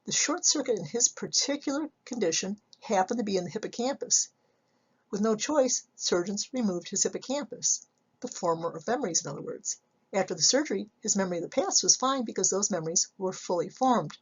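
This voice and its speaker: A woman psychology instructor giving a recorded slide lecture, measured and explanatory, often asking rhetorical questions. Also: mid-range voice, vocal fry, slightly rough, muffled recording.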